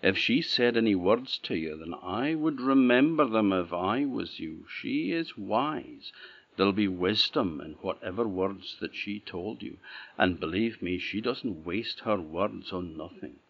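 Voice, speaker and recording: A man's voice: on the low side, lively intonation, a little slow, gravelly, breathy edge, exaggerated voice. A man with an Orcadian Scottish accent voicing a sensible, poor farm mother who gives firm, knowing advice. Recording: dull lo-fi recording.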